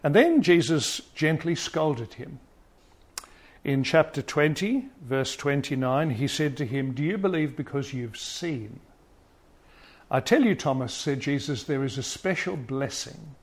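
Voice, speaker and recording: Guy preaching a sermon, earnest and measured, mid pitch, talks right to the congregation. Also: animated. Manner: earnest, measured, addresses listeners directly.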